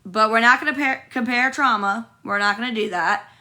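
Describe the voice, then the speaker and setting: On a livestream from her hotel room, a young woman whose voice is hoarse from being sick reads viewer comments off her phone and rants. Her voice is a little high, bright and forceful at a moderate pace, with blunt, profane talk rambling through grievance after grievance.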